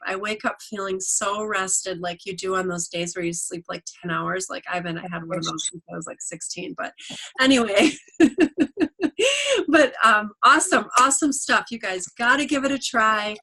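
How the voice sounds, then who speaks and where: A woman's voice: mid-range voice, moderate pace. A middle-aged woman giving a casual testimonial on a video call, telling stories and acting out what people said. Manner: animated storyteller, acts out quotes. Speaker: product distributor.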